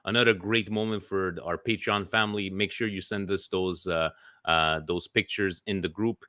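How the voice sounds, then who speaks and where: A man's voice: low-pitched, fairly even intonation, moderate pace, bright, forceful tone, no echo, clean studio sound. A man hosting a casual group video chat, chatty and teasing as he jumps between guests. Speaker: podcast host.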